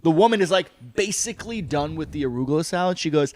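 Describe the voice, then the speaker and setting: A man's voice: fairly high pitch, expressive, fast talker, darkish tone, slight background noise. A man co-hosting a podcast, telling a story in a casual, profane way and acting out other people's lines. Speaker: podcast co-host.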